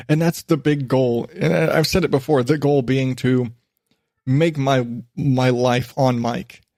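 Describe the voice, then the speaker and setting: In clean studio quality with no echo, a man with a mid-range, slightly mellow voice hosts his own podcast from his desk at home. The solo monologue is casual and rambling, full of self-mockery and the odd swear.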